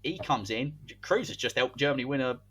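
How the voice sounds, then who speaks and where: A man co-hosting a podcast, telling a made-up sports story in animated, commentary-like casual chat. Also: mid-range voice, a little fast, breathy edge. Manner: animated, spins a hypothetical tale like match commentary. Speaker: podcast co-host.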